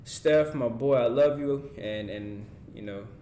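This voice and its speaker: A man with a mid-range voice hosts a podcast and wraps up the episode in a heartfelt, plain-spoken way. The room sounds roomy and echoey, with a faint low rumble underneath. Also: unhurried, mellow. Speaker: podcast host. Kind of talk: casual chat.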